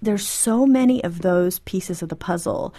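A woman speaking as an interview guest, animated and explanatory, often acting out short quoted exchanges in her own talk. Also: fairly low pitch, unhurried, husky. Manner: animated, acts out quoted dialogue. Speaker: guest author. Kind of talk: interview conversation.

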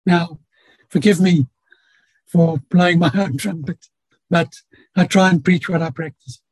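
A man speaking as a guest in an interview, giving earnest, gentle advice about relationships with homely examples. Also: fairly high pitch, measured pace, breathy edge, no room sound, poor audio. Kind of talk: reflective conversational advice.

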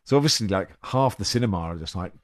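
A man's voice: sits low, expressive, quick pace. A man hosting a podcast, chatting casually and giggling as he reads out listener messages. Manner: chatty, giggly, self-deprecating. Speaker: podcast host.

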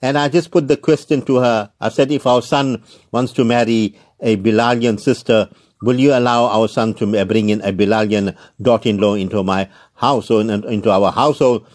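A man hosting a religious talk show, reading out a viewer's question in a polite, measured way with frequent fillers. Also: on the low side, steady tone, darkish tone.

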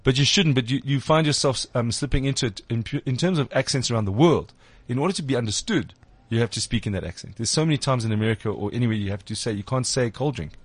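Male host, rapid joking delivery, mid pitch, dry close sound. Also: husky, no room sound. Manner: quick, joking storyteller. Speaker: podcast host. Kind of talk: casual chat.

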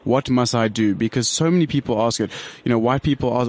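A man's voice: medium pitch, a little fast, a little mellow. A man hosting a radio talk show from South Africa, pressing his guest with repeated questions. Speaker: radio host.

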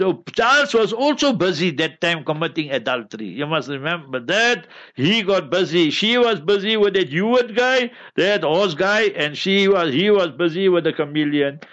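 A man's voice: high-pitched, lively intonation, normal speed, a bit bright, muffled recording. A man, a mufti answering listener questions on a religious call-in show, preaching with jokes and repeating his points. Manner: preachy, joking, keeps repeating "you must remember". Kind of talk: religious Q&A broadcast.

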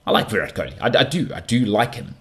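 Animated South African man, low voice. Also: fast. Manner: animated, banter-heavy, frequent restarts. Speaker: podcast host. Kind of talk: casual monologue.

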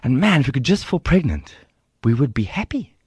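A middle-aged South African man with a South African accent, a guest telling stories in an interview in an animated, humorous way. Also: mid-range voice, fairly quick, breathy edge, dry recording, clean studio sound. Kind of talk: storytelling interview.

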